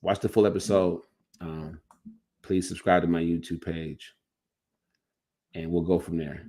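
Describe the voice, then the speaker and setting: A man's voice: low-pitched, flat delivery, a little slow, mellow. A man hosting a casual livestream, commenting loosely and restarting his sentences as he goes. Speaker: livestream host and coach.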